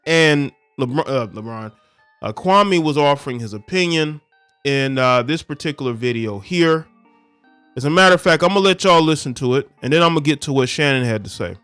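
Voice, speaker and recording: A man's voice: on the high side, lively intonation, a little fast, a bit bright, clean tone, dry recording. A commentary host talks through his take in a loose, conversational manner. The recording is dry and close, with faint music underneath. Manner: conversational, musing, with fillers. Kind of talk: casual commentary.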